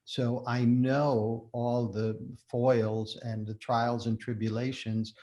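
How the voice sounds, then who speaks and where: An older man, a guest in a casual interview, telling stories in an animated way with frequent laughter. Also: mid-range voice, slow. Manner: animated storyteller, laughs often. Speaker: guest, shoemaker and former performer.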